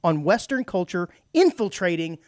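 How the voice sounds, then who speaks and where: A man's voice: high-pitched, sing-song, moderate pace, no room sound. A man co-hosting a radio talk show, reading news items and trading dry, teasing quips in casual chat. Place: radio studio.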